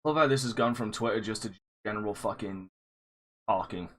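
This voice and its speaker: A man hosting a casual podcast, rambling, swearing freely and often breaking into loud laughter. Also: lowish voice, brisk. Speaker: podcast host.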